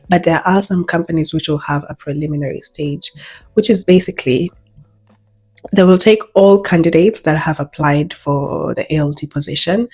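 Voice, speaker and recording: A woman's voice: low-pitched, darkish tone, husky. A woman talking to camera in a casual, direct way, giving practical advice on job interviews.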